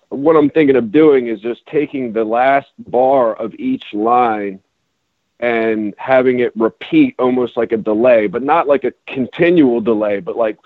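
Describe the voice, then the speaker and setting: A man's voice: mid-range voice, no echo, narrow, tinny audio. A man on a casual podcast, a rapper explaining his new song in a rambling way with many restarts. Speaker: rapper and songwriter guest.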